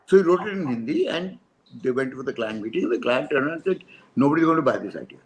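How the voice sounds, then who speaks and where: A man's voice: medium pitch, quick pace, a little hiss or hum, low-quality recording. An older man with an Indian accent telling stories in a talk, acting out dialogue and slipping into Hindi. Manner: animated storyteller, acts out dialogue, mixes in Hindi. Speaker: advertising speaker. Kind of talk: storytelling talk.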